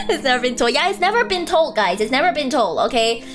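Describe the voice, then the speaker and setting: A woman chatting casually on a live stream, animated and rambling, breaking into frequent laughter. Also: sits high, fast, faint music behind.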